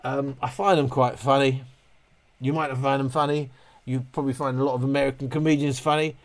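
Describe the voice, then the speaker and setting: A man's voice: mid-range voice, level tone, a little fast. A middle-aged man hosting a casual live stream, reading viewer comments and answering in a rambling way, full of restarts. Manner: rambling, self-interrupting, with many restarts.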